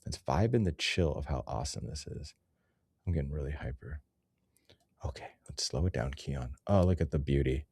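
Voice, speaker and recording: A man's voice: rumbling low, expressive, normal speed, darkish tone, slightly rough, no room sound. A man hosting a rambling, profane comedy commentary over nature photos, easily sidetracked and loose in his talk. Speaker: host.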